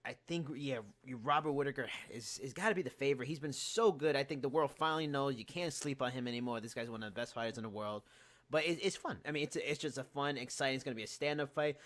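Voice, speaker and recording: A man's voice: medium pitch, fast, fairly bright tone. A man hosting a podcast, chatting casually and breaking down details analytically. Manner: analytical, talks through details at length. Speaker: podcast host. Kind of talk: casual chat.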